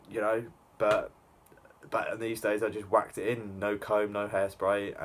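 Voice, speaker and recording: A man's voice: fairly low pitch, fairly bright tone, slight background noise. A young man rambling through self-mocking reaction commentary, with lots of fillers. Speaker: YouTuber.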